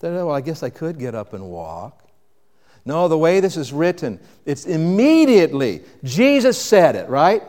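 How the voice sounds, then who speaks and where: Male pastor, slightly high voice, dynamic sermon delivery, reverberant church hall. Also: big pitch swings, measured pace. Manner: dynamic, swings between loud emphasis and quiet reflection.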